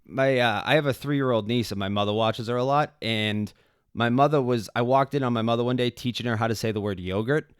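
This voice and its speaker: Boston-accented man, smooth clear voice. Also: mid-range voice, brisk, no room sound, studio quality. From Massachusetts, USA. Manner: animated, laughs often, rambling. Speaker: guest comedian. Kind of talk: casual podcast chat.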